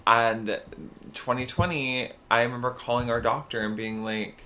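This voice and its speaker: A man co-hosting a podcast in casual chat, telling gossipy stories in an animated way with sudden loud bursts. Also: mid-range voice, normal speed. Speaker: podcast co-host.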